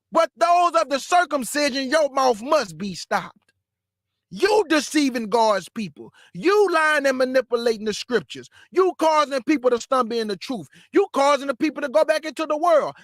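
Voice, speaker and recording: High-voiced man preaching a fiery rant. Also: no room sound, clean studio sound. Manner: blunt, mocking, scolding the listener directly; bursts into shouts. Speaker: preacher and show host.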